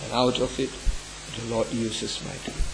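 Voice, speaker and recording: Earnest pastor telling a painful story, faint hiss. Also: male voice, fairly even intonation, normal speed, vocal fry. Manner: earnest, emotional storytelling with sudden rises in pitch. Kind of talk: personal testimony in a sermon.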